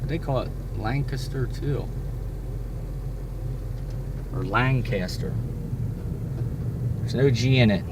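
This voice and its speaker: Rambling trucker vlogging over loud engine noise. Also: male voice, medium pitch, slow pace, pauses often. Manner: rambling, self-correcting, chatty. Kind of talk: casual driving vlog commentary. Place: inside a truck cab while driving. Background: vehicle engine noise.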